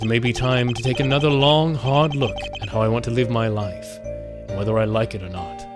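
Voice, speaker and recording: A man's voice: medium pitch, fairly even intonation, over music, voice pushed down, natural voice. A man reading as a composed young prosecutor. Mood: reflective. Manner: measured, earnest reading of game dialogue. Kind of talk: reading game dialogue aloud.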